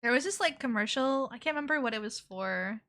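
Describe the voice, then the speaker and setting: A woman's voice: fairly high pitch, expressive, fairly quick, pushed and bright. A woman streamer chatting casually with viewers while drawing. She talks playfully and hums nonsense syllables between comments. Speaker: VTuber streamer.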